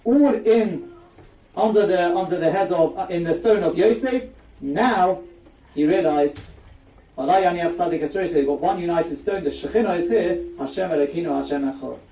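In an echoey, distant, dull-sounding recording, a man teaches a Torah class as a rabbi, pressing his points with emphatic rhetorical questions. His voice is high-pitched yet dark in tone.

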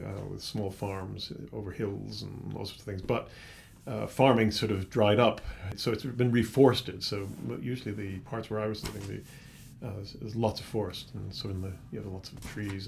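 An older man from Boston with a mild American accent, a pastor talking in a relaxed, meandering way as a guest in a church office. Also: fairly low pitch, creaky, slight background noise. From United States (Boston). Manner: reflective, meandering, unhurried storytelling. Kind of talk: casual conversation.

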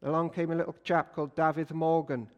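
A man preaching a sermon, an energetic storyteller who swings between loud and hushed. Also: fairly high pitch, fast, highs cut off. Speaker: pastor. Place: church. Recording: long church reverb.

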